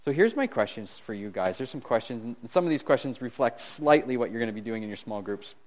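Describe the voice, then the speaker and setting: A middle-aged man preaching a conversational sermon as pastor, animated and swinging between loud and hushed, chuckling at his own jokes. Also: medium pitch, quick pace.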